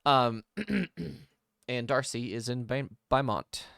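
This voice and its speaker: A man as game master, narrating and explaining a tabletop game world in a relaxed way with many pauses. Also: mid-range voice, creaky, dry recording, studio quality.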